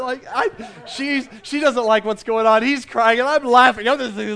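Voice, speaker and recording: A middle-aged man preaching a sermon as a pastor, telling stories in an animated, self-mocking way. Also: extremely high pitch, normal speed, hardly any pauses.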